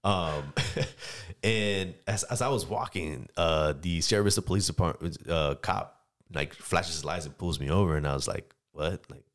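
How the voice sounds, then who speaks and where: A man's voice: low-pitched, moderate pace. An American man as a podcast guest, telling a story in casual, slangy chat and acting out the people in it. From United States.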